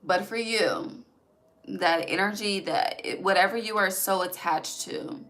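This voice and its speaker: A woman's voice: medium pitch, measured pace, fairly bright tone, poor audio. A woman giving a casual tarot reading, chatty and emphatic, swearing freely and talking straight to her viewers. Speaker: tarot reader.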